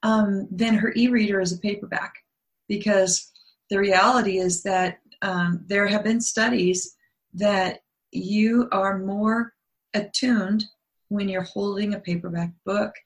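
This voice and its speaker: A woman's voice: medium pitch, steady tone, unhurried. A middle-aged woman, a guest author, talking earnestly in a casual interview with many restarts. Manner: earnest, explains at length, trailing restarts.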